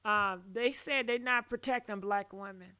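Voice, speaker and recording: A woman host giving casual commentary, slow and deliberate, repeating herself. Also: medium pitch, pushed and bright, smooth, no room sound.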